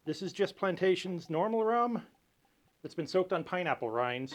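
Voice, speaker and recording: A man hosts a casual cocktail tutorial, talking through history and recipes. His voice sits a little high. He keeps a dry, lightly joking tone. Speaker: cocktail show host.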